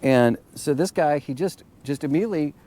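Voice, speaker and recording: A man giving a casual motivational monologue, halting and repeating words as he searches for them. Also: on the high side, dark tone. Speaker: motivational vlogger.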